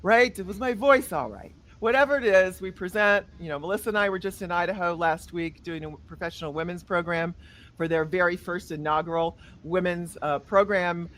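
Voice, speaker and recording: A woman's voice: lowish voice, fairly even intonation, a little fast, fairly bright tone. Upbeat woman hosting a podcast. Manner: upbeat, enthusiastic. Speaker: podcast host. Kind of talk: casual podcast chat.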